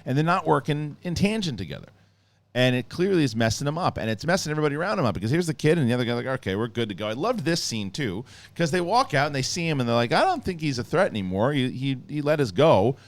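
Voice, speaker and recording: A man hosting a casual show, excitedly retelling scenes in a rambling way full of restarts. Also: medium pitch, fast talker, no echo. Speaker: show host reviewing a TV episode. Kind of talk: casual spoken review.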